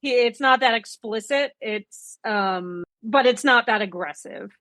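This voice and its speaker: A woman's voice: fairly high pitch, measured pace, fairly bright tone. A woman co-hosting a podcast in casual comedic chat, wryly correcting her co-host.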